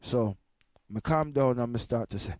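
A man's voice: medium pitch, normal speed, a little mellow, dry recording, studio quality. A man, hosting a radio show and telling a story with rambling, stammering repetitions. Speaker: radio host. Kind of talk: storytelling to listeners.

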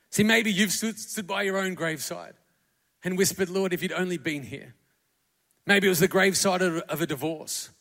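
A man preaching a sermon to a congregation, building from quiet, tender passages to fervent, shouted crescendos. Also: high-pitched, vocal fry. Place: church hall. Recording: long hall reverb.

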